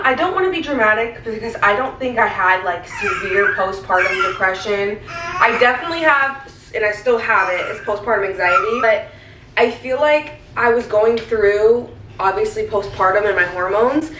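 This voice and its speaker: A woman's voice: mid-range voice, a bit bright, recorded from a distance. A young woman rambles candidly to her camera at home, scattering fillers as she goes. She sits back from the mic, so her voice bounces around an echoey kitchen. A faint hiss sits under the recording. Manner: rambling, candid, heavy use of "like". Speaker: stay-at-home mom vlogger. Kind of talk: casual confessional vlog.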